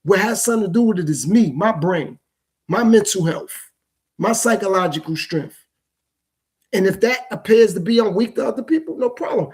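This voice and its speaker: A man's voice: high-pitched, expressive, normal speed, darkish tone, husky. A man hosting his own podcast, talking through his thoughts in a loose, repetitive, reflective way. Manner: loose, repetitive, reflective street-talk delivery. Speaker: podcast host. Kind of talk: casual solo podcast monologue.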